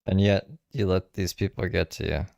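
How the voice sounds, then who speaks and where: A man's voice: low voice, steady tone, normal speed, gravelly, a little mellow, no echo, clean studio sound. A man hosting a reaction show, making sarcastic, teasing remarks about a clip. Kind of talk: casual commentary.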